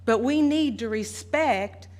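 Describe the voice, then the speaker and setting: A woman, speaking earnestly and deliberately as a resident during public comment at a meeting. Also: fairly high pitch, darkish tone. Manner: earnest, deliberate, listing details. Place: council meeting room.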